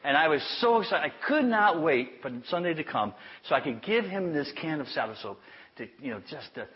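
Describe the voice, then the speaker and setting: A man preaching to a congregation, telling a personal story in a chatty, self-amused way and dropping to a hush for the tender lines. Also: a little high, expressive, fairly quick. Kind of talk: sermon storytelling. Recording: dull lo-fi sound.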